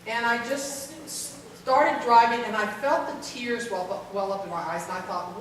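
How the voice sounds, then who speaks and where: Speaking from far off in a very echoey large conference hall, a woman gives a candid, self-deprecating talk at a caregiver symposium and jokes with the audience. Her voice is a little high, at normal speed with few pauses, over a slight hiss or hum.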